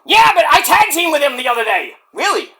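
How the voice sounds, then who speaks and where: A boastful, brash wrestler from beyond the grave, as a man puts him on, pitched high and bright. He brags and shouts in loud, pushy bursts, swinging widely in pitch. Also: huge pitch swings, a little fast, exaggerated voice. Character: cocky brash late male wrestler in the afterlife.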